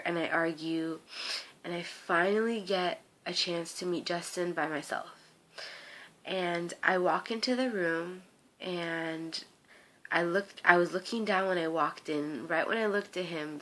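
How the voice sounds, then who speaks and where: A young woman telling a personal story to camera, excited and rambling, with many "like"s and restarts, earnest and heartfelt. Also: fairly low pitch. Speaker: fan site runner.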